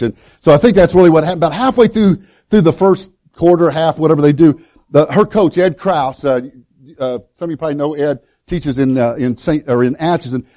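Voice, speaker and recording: A male pastor preaching a sermon in a folksy, storytelling way, with many halting restarts. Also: on the high side, mellow. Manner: storytelling, folksy and self-deprecating.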